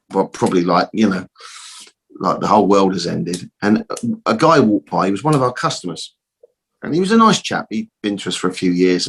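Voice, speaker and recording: A middle-aged man with a low, husky voice tells a story in a loose, rambling way. He repeats himself and drops in mild swearing as he goes. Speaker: guest, optical shop owner. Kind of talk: casual storytelling interview.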